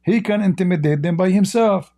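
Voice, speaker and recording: A man's voice: high voice, fairly quick, dark tone. A man hosting a heated live-streamed debate, arguing with sarcastic, mocking questions in non-native English grammar. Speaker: debate host.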